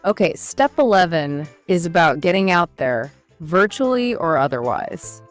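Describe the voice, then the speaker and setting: Over faint music, a woman with a fairly low voice speaks at a measured pace and with lots of animation. She's a co-host on an educational podcast, cheerfully walking listeners through study steps one by one in scripted, conversational chat.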